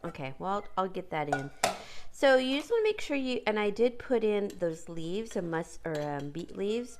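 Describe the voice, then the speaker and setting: A woman's voice: lowish voice, a little hiss or hum. A woman casually talking through a home cooking how-to, chatty and rambling with many fillers and restarts, with the hiccups. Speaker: cooking vlogger. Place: home kitchen.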